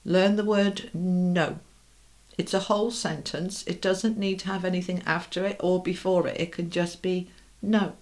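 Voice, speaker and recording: A woman's voice: fairly low pitch, fairly even intonation, measured pace, a little mellow. A middle-aged woman giving a tarot reading. She is direct and reassuring, asks rhetorical questions and keeps checking in with "okay?" and "all right?". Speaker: tarot reader. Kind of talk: tarot card reading to camera.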